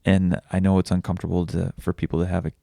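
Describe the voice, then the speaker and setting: Low gravelly man confiding. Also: flat delivery, mellow, dry recording, clean studio sound. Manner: raw, halting, confessional, with frequent swearing and restarts. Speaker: vlogger and podcaster. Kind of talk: candid personal vlog.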